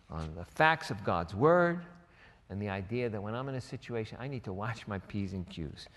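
A man preaching a sermon in a relaxed, conversational way, acting out quoted lines with sarcastic voices. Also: medium pitch, long reverb tail. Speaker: pastor.

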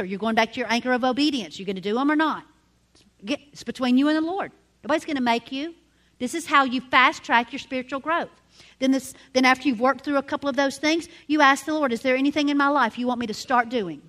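Middle-aged lady preacher, kinda high voice, punchy, spells words out slow. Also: a bit bright. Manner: emphatic, spells key words out slowly. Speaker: women's ministry teacher. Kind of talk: sermon.

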